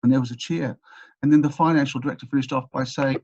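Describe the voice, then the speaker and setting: A man's voice: medium pitch, quick pace, darkish tone, dull audio. A man as an interview guest, telling a long anecdote with energy, often restarting his sentences. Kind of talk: storytelling in a podcast interview.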